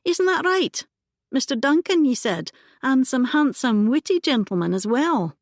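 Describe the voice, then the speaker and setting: A woman voicing an eager young woman who teases her brother, in a bright, high, lively voice. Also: unhurried, no room sound, clean studio sound. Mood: teasing. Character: eager young woman, Drew's teasing sister.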